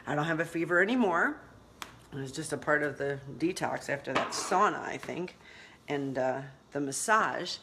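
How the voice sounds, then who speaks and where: Casting: middle-aged woman, energetic motivational vlogger, casual live-stream chat while walking, dramatic acted-out quotes. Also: deep voice, brisk, a little hiss or hum. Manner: animated, laughing, acts out quotes dramatically.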